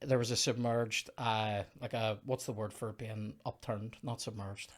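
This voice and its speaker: Rambling man. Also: moderate pace. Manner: rambling, animated, bursts into high put-on quotes. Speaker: comedy podcast host. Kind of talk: casual chat.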